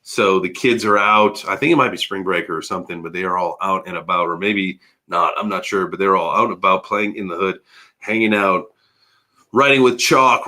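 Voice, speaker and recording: A man in his early forties hosting a casual crypto livestream, rambling and animated, chatting with viewers and swearing freely. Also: low-pitched. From United States. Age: 40s.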